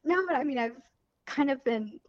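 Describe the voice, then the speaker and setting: A higher-voiced woman talks hesitantly, full of fillers, with an emotional edge. Her sound is dull and dry, as if it comes over a remote line. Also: expressive, moderate pace, dry recording. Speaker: podcast guest. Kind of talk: casual personal chat.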